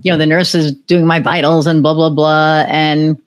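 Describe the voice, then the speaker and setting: A woman hosting a podcast, a chatty and animated storyteller. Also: low voice, normal speed. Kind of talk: podcast conversation.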